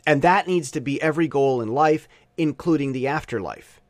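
A man's voice: mid-range voice, moderate pace, no echo. A man hosting his show, rambling through a casual monologue and plugging merchandise. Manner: rambling, animated, plugs merchandise.

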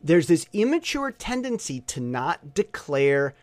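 A man talking in a casual vlog monologue, opinionated and animated, with stop-and-start rambling. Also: a little high, a little slow, dry recording. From Southern Taiwan. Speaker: vlogger.

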